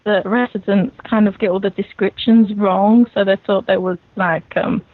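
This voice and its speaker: A woman's voice: mid-range voice, steady tone, normal speed, no room sound. Guest, woman, cheeky storyteller, tinny phone-like call. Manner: playful, cheeky. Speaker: podcast guest. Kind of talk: casual podcast chat, recounting a story. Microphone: online voice call. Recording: thin phone-like call audio.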